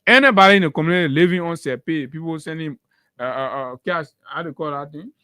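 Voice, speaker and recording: A man's voice: on the high side, fast, sharp tone, smooth, dry recording, studio quality. A man with a Liberian accent giving heated, emphatic political commentary on a morning talk show, repeating phrases for force.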